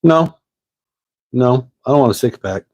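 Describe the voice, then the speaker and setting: A man's voice: medium pitch, lively intonation, darkish tone, dry recording, highs cut off. A man, rambling in a folksy way as the host of a casual live-stream chat. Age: 50s. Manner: rambling, folksy, drawn-out pauses.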